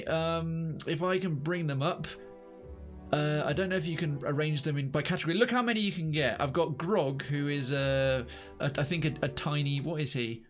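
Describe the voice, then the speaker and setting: A man streaming a video game live, chatting excitedly, often stammering and restarting his sentences, and quick to get startled. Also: a little high, faint music behind. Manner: jumpy, startled easily, exclaims. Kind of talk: live let's-play commentary.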